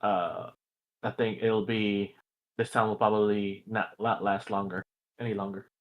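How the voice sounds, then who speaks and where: A man voicing a brash adventurer woman in a tabletop game, halting and searching for words. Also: fairly low pitch, little pitch movement, phone-quality sound, natural voice. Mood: wary.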